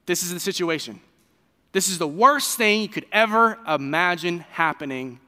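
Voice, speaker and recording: A man preaching a sermon in a loose, conversational way, full of fillers and quick restarts. His voice is fairly high, bright and forceful. A long reverb trails his words. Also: lively intonation. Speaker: pastor.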